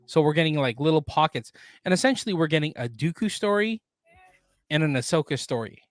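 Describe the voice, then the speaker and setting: A man co-hosting a casual pop culture news podcast, reading out news items and then riffing on them in a relaxed way. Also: a little high, a little fast, no echo, clean studio sound. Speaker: podcast co-host.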